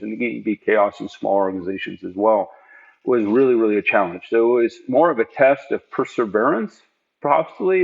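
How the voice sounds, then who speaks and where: A man's voice: mid-range voice, gravelly. A middle-aged man, a podcast guest, tells earnest, reflective stories of his working life in a conversational interview from home. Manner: earnest, reflective, animated storyteller. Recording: dull lo-fi remote audio.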